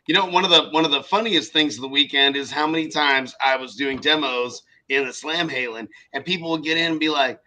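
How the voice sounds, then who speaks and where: Bright-voiced man telling animated stories. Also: on the high side, fairly quick, few pauses, rough recording. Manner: animated storyteller acting out quoted people, swears freely. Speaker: podcast co-host. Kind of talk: casual chat.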